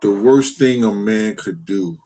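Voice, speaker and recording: A middle-aged man with a lowish voice hosts a livestream and talks straight to his chat. He speaks bluntly and swears freely in a casual, conversational way. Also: unhurried, dark tone, rough recording. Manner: blunt, profane storytelling. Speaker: livestream host.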